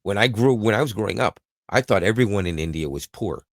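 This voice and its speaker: A Canadian man co-hosting a podcast, chatting casually and joking with quick asides. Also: on the low side, lively intonation, no echo, clean studio sound. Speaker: podcast co-host. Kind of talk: casual chat.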